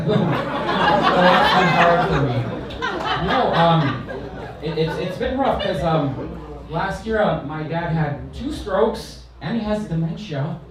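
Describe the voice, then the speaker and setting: A man's voice: a little high, a little slow, over a noisy crowd, very noisy. Brash, profane male comic in a roomy club. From San Fernando Valley, California. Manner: brash, profane, self-deprecating punchlines. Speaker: stand-up comedian. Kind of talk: stand-up set. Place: comedy club stage, live crowd. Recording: roomy live club sound from a distance.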